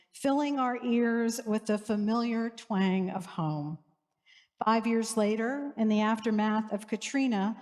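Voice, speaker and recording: A woman's voice: a little high, darkish tone. A middle-aged woman priest from New Orleans, preaching a storytelling sermon with wry humor in a church. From New Orleans, USA. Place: church sanctuary. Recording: long church reverb.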